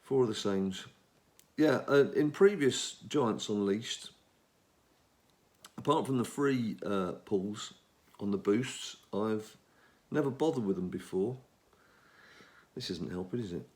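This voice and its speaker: A man's voice: on the low side, a little slow, long pauses, darkish tone. A middle-aged English man giving casual commentary on a mobile game he is playing, rambling and talking to himself as he plays. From England. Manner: chatty, rambling, talks to himself while playing. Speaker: gaming channel host.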